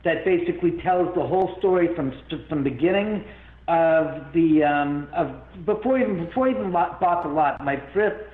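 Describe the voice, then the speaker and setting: A man telling a long story as an interview guest, rambling and animated, with many restarts. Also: a little high, moderate pace. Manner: rambling, animated, full of restarts and self-quotes. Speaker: guest, haunted-house owner. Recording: phone-like line in an echoey room.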